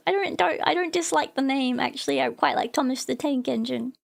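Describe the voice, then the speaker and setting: A woman's voice: high-pitched, fairly quick, vocal fry. An Australian woman streaming as a VTuber, chatting casually and rambling with lots of filler words while she reads chat aloud.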